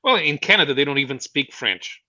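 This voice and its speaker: A man on a podcast chatting casually and firing back quick retorts. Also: fairly high pitch, expressive, sharp tone. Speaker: podcast guest. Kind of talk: casual chat.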